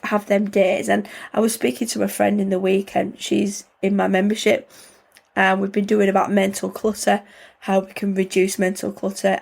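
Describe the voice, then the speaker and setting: A woman hosts a podcast, chatting casually and rambling with lots of fillers like "like" and "you know." Her mid-range voice is creaky with a darkish tone.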